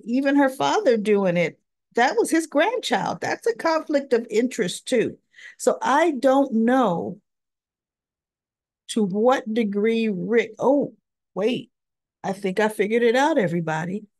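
A woman's voice: a little high, darkish tone, dry recording, clean studio sound. A woman chatting through a soap opera recap, opinionated and talking straight to her viewers. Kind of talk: casual recap chat.

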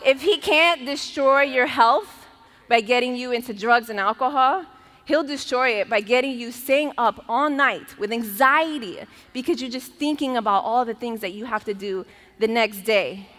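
A woman's voice: on the high side, moderate pace, a bit bright. A woman pastor preaching a sermon in a church, talking in a conversational and emphatic way and laughing now and then. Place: church auditorium. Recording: long reverb of a large church hall.

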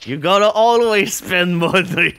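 A man's voice: sits high, measured pace, a bit bright, clean tone. A man hosting a party-game tournament on stream, chatting casually, laughing often and hamming up the game announcements.

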